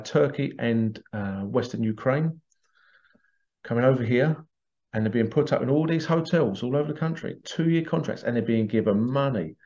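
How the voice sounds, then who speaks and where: A podcast host from the United Kingdom, his mid-range voice creaky and dark, vents in an agitated monologue full of rhetorical questions, heard through a dull lo-fi recording.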